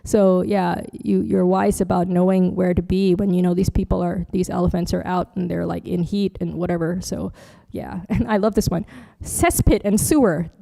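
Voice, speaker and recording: Chatty nun with a mellow voice. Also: female voice, lowish voice, fairly even intonation, moderate pace, creaky, few pauses. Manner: chatty, joking asides, laughs often. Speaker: Buddhist nun teacher. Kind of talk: dharma workshop talk with slides.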